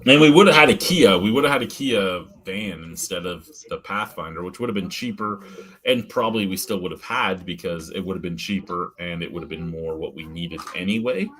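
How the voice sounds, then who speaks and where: A middle-aged podcast host from Canada's Ottawa Valley, with a deep, fairly bright voice, talks a little fast. He's running a casual live-stream chat, telling blunt, profane stories and laughing often.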